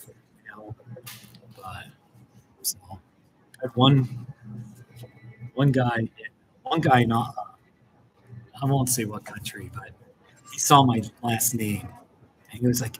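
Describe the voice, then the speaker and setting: A middle-aged American therapist hosts a livestream from his home in a small rural mountain town, rambling chattily with self-interrupting restarts and laughs. His medium-pitched, darkish voice moves slowly with frequent pauses. The audio is poor, with slight background noise.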